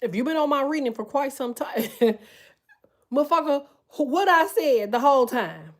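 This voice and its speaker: A woman giving a loud, animated, profanity-filled casual tarot reading, full of slang. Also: high voice, moderate pace. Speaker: tarot reader.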